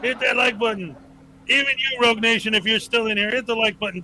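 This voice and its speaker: A man with a high, pushed and bright voice hosts a casual livestream, speaking a little fast with fairly even intonation. The recording is low quality with slight background noise, and he chats and laughs often while reading donations, thanking supporters and hyping up viewers.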